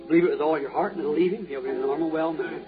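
A man's voice: a little high, racing, over loud music. A man preaching a healing revival sermon, fervently putting questions to the crowd again and again. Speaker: evangelist preacher. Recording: tinny lo-fi old tape.

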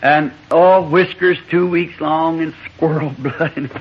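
A man's voice: on the high side, fairly even intonation, unhurried, slight background noise. A man, a preacher telling a rambling, folksy anecdote during a sermon and chuckling as he goes. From Southern United States. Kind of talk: sermon storytelling. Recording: muffled lo-fi old tape recording.

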